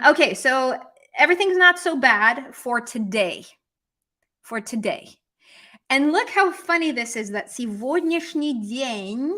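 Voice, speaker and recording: A woman teaching a language lesson on a live stream, lively and chatty, answering viewers as she explains. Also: fairly high pitch. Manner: lively, switches between English and Russian, chats with viewers.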